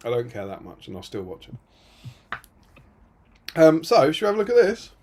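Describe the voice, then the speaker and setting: Male co-host from Britain, casual stream chat, slightly husky voice, dry self-mocking humour. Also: fairly high pitch, wildly swooping pitch, normal speed, a little mellow. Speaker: co-host of a tabletop gaming stream.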